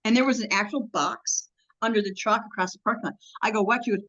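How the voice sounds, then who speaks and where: A woman guest in a casual interview, telling a long story in a halting, rambling way with many ums and restarts. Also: fairly high pitch, highs cut off.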